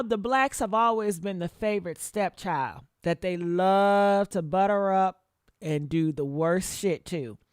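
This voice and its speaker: A woman's voice: medium pitch, clean tone, dry recording, studio quality. A woman giving blunt, profane, sassy commentary on a livestream, calling her listeners honey. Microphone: desktop mic.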